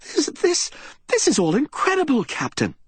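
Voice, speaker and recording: A man reading an audiobook voices a distraught, fragile young society wife in a high, trembling voice near tears. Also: huge pitch swings, normal speed, no room sound, heavily acted.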